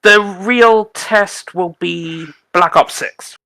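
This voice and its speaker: A man's voice: high-pitched, drawn-out words, bright, forceful tone, no echo. A man from Wales with a Welsh accent on a gaming podcast panel, talking with emphatic enthusiasm. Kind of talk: casual panel chat.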